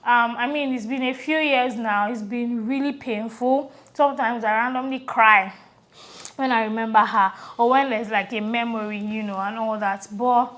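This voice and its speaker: A Nigerian woman co-hosting a podcast, telling a personal story in a reflective, earnest way that often trails off softly. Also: a little high, fairly even intonation, normal speed. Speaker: podcast co-host. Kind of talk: casual conversational storytelling.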